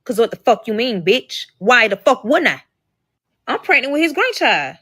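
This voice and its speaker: A woman's voice: on the high side, moderate pace, husky. A young woman telling a dramatic personal story to her viewers in a casual, profane, emphatic way, acting out what others said. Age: young adult. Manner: profane, emphatic, animated, acts out quotes. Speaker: storyteller in a social media clip.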